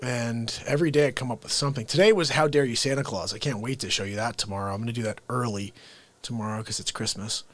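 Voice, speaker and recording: Soft-spoken man rambling on a livestream. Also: medium pitch, fast. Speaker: livestream comedian and host. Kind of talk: casual livestream chat.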